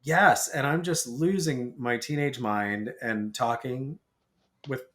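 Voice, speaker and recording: A man chatting as a podcast guest, telling a story in a lively way and acting out the lines of the people in it. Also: medium pitch, slow pace. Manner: animated storyteller who acts out quoted lines.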